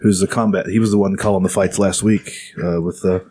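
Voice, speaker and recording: Low-voiced young man telling stories. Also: fairly even intonation, a little fast, mellow, breathy edge. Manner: loose, profane storytelling with quoted voices. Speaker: podcast co-host. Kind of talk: casual chat.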